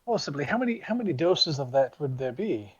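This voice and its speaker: A man's voice: a little high, sing-song, a little fast, slightly rough. A man playing a tabletop role-play character, polite and hesitant with many ums. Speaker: player. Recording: dull lo-fi audio.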